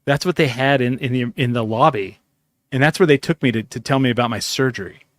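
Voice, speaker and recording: A male podcast host with a medium-pitched, fairly bright voice talks a little fast. He wanders through a long story, swearing plenty and playing out the dialogue himself, in a relaxed storytelling chat.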